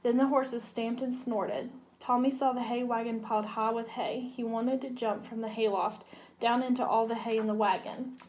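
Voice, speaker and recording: Young woman, student reader, children's storybook narration, slightly high voice. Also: steady tone, normal speed, a little mellow, slight background noise. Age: young adult. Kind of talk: read-aloud storybook narration.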